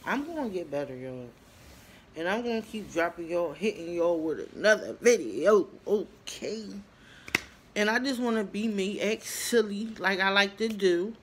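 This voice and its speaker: A woman in her twenties talking casually to her viewers, telling her story with lively bursts and lots of fillers and pauses. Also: mid-range voice, slight background noise. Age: 20s. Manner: chatty, animated storytelling, addresses viewers as y'all; frequent fillers and trailing pauses. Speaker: vlogger. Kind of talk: casual talk to camera.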